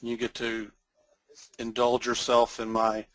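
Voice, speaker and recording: A man with a North Texas accent giving a casual, rambling screen-share demo of software as a webinar presenter. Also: medium pitch, completely flat delivery, slow, rough recording. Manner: folksy, rambling, chuckles often.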